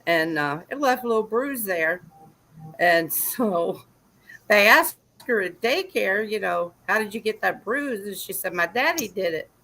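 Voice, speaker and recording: Older man, bright forceful voice, laid-back father telling a story. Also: high voice, expressive, unhurried, rough recording. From Georgia. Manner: laid-back storyteller who laughs at his own tale. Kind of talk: casual storytelling chat.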